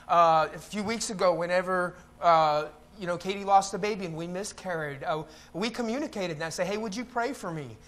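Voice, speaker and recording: A man's voice: high voice, fairly quick, hardly any pauses, fairly bright tone. A man preaching a conversational sermon as pastor in a church, now and then mocking the voices of complainers. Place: church sanctuary.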